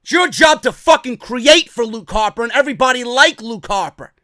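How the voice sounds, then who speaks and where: A man with a very high, animated voice delivers a profane wrestling rant, often breaking into shouts. His tone is bright and sharp. The sound is dry and close to the mic. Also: a little fast, dry recording. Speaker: wrestling commentary host. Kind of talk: ranting commentary.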